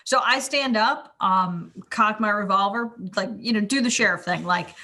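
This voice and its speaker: A woman's voice: medium pitch, moderate pace, few pauses, pushed and bright. A woman playing a tabletop game, chatting eagerly and casually, with laughing asides and the odd swear. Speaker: player.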